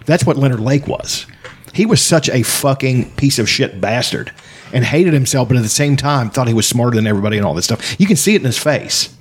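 A man in casual podcast chat, telling stories in a profane, animated way. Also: medium pitch, a little fast, breathy edge.

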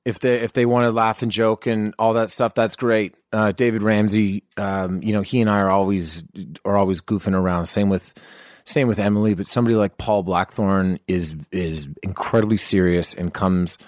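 A man chatting casually as a podcast guest, talking about acting work in a relaxed, rambling way and laughing easily. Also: fairly low pitch, normal speed, no room sound, studio quality. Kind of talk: casual chat.

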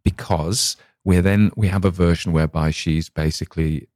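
A man with a northern English accent talks in a deep, low register. His chat is loose and digressive, full of restarts and asides. The recording is dry, with no room sound. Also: fairly even intonation, normal speed, a little mellow, no echo. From north of England. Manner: rambling, chatty, with many restarts and asides. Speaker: podcast host and story reader. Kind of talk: casual chat about a story.

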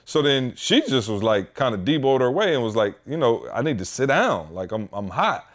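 Man, thirties, podcast co-host, casual storytelling, animated, acts out quotes. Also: medium pitch, moderate pace. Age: 30s. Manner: animated, quotes people in heated voices.

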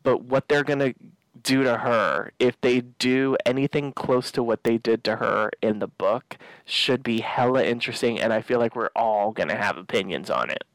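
A man co-hosts a casual TV recap podcast, teasing his co-hosts in an animated way. His voice is mid-pitched. The sound is close and dry. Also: normal speed, no room sound, poor audio. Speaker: podcast co-host.

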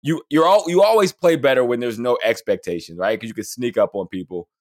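Thirties male co-host, casual sports banter, mid-range voice, animated. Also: medium pitch. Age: 30s. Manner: animated, laughs often, quick asides. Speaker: podcast co-host.

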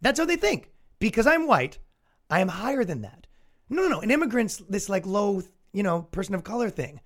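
A young Canadian man hosts his own comedy podcast with a sarcastic, swearing rant. His fairly high voice swings widely in pitch as he mocks opposing views. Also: a little fast. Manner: animated, sarcastic, swearing, mock-quoting opponents. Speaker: podcast host.

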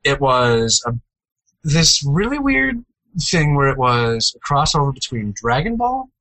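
A young man co-hosting a casual gaming news chat, joking and sometimes jumping into playful high-pitched outbursts. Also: sing-song, measured pace, sharp tone, dry recording, rough recording. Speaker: co-host.

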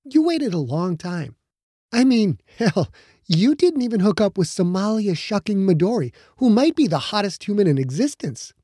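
A man voicing a caring, teasing young woman in an audiobook, gentle and coaxing. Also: sits high, very animated, moderate pace, husky, no echo, clean studio sound, pitched above the performer's own voice, full character voice. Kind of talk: audiobook narration.

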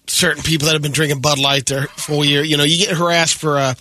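A man's voice: a little high, sing-song, normal speed, pushed and bright. A man co-hosting a radio show, chiming in with short remarks in casual banter.

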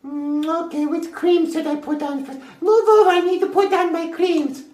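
Man doing a squeaky, fussy little girl. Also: fairly even intonation, moderate pace, roomy sound, over music.

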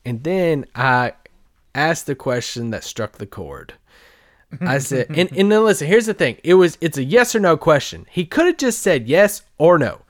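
A man's voice: fairly high pitch, big pitch swings, moderate pace, dry recording, studio quality. A man hosting a podcast, a sports reporter telling a story in a loose, rambling way and laughing often as he goes. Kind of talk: casual anecdotal storytelling.

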